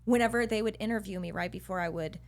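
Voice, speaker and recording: Woman in her thirties, podcast guest, bubbly, animated storyteller, casual, swears a lot. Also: mid-range voice, fast, vocal fry.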